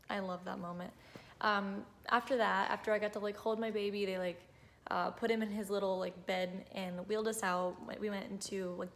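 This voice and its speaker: A woman's voice: mid-range voice, creaky, slight background noise. A woman in her twenties telling a personal story to camera in a chatty, emotional way, full of "like" and "um". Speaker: vlogger.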